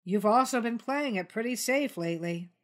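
A woman voicing Dilly, a calm, persistent jungle news creature who presses her points. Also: mid-range voice, moderate pace, voice pushed up, close to an everyday voice.

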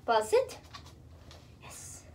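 A woman's voice: takes it slowly, a little mellow. A young woman vlogging at home, repeating commands to her dog and gushing with praise, a little out of breath. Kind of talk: casual home vlog.

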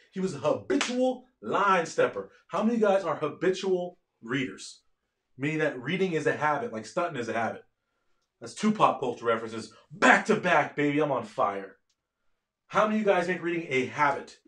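A man giving a live online lecture from his office at home, energetic and often asking his listeners questions. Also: on the high side, echoey room. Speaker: medical education lecturer.

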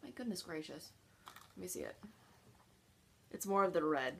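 A woman's voice: lowish voice, lively intonation, moderate pace, creaky, slight background noise. A young woman vlogger chatting casually at home, prone to squealing dramatic disgust. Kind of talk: casual chat, jelly bean challenge.

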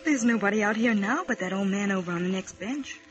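An actress playing a shy young student in love, speaking softly and earnestly in 1930s radio drama style. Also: female voice, medium pitch, fast, lo-fi sound, a little hiss or hum, natural voice. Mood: playful. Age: young adult. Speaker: college student.

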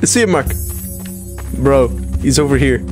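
A man hosting a casual gameplay video, excitable and swearing freely, yelling when he is chased. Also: mid-range voice, normal speed, faint music behind. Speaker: gaming channel host.

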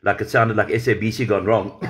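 A man's voice: fairly low pitch, steady tone, normal speed. A man on a livestream, confronting a rival directly with an angry, profane rant.

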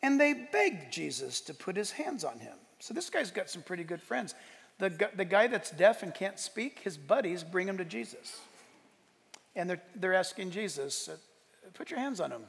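Male pastor, high and gravelly, lively conversational sermon with sudden shouts; long church-hall reverb. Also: normal speed. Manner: animated, conversational storytelling with bursts of shouting. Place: church sanctuary.

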